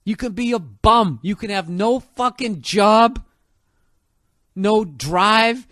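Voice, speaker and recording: High-voiced man on a profane rant. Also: slow pace, a bit bright, dry recording, studio quality. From United States. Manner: profane, sarcastic ranting. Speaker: podcast host. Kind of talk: solo podcast rant.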